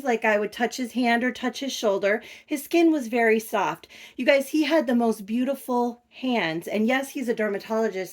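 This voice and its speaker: A middle-aged woman vlogging from her bedroom at home, telling a story in a chatty, gushing way and talking straight to her viewers. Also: fairly high pitch. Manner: animated, gushing, addresses viewers as "you guys". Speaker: reborn doll collector vlogger.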